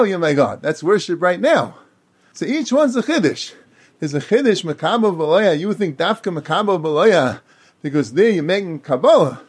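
A man teaches Talmud in a high, lively voice. His pitch swings widely as he explains the texts in a sing-song lilt. He quotes lines along the way as he reasons aloud. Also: slightly rough. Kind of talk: Talmud lecture.

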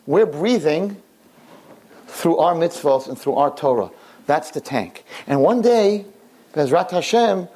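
An older man, a rabbi, preaching a sermon through an animated story and often jumping into high, excited voices. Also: husky.

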